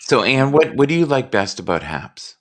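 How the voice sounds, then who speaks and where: A man's voice: mid-range voice, big pitch swings. A man hosting a live stream, chatting enthusiastically and often stumbling over his words. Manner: enthusiastic, stumbling, quick to interrupt. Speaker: host. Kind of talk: casual chat on a live stream.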